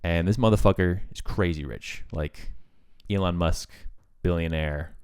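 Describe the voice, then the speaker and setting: A man's voice: sits low, a little slow, a little mellow, clear, resonant tone, no echo, clean studio sound. A man co-hosting a casual film review podcast, laid-back and swearing freely, with plenty of fillers. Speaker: podcast co-host.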